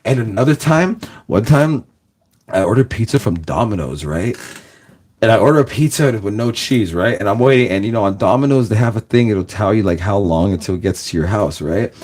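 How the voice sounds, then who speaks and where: A man's voice: fairly low pitch, lively intonation, fairly quick, darkish tone. A man from Los Angeles hosting a reaction video, chatting casually in a rambling way, packing his talk with fillers and laughing often. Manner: rambling, fills every phrase with "like", laughs often. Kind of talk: casual chat.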